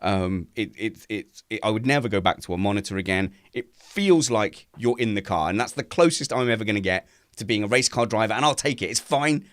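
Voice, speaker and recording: A man's voice: lowish voice, brisk, hardly any pauses, no echo, studio quality. A man co-hosting a casual podcast, teasing his friends. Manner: teasing, animated. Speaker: co-host.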